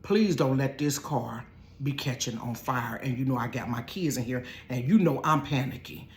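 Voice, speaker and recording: A woman from Ohio telling a storytime from her bedroom. She talks straight to her viewers in a casual, chatty way, calling them "y'all" and "honey". She moves from hushed asides to loud, laughing outbursts. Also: a bass voice, normal speed. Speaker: storytelling vlogger.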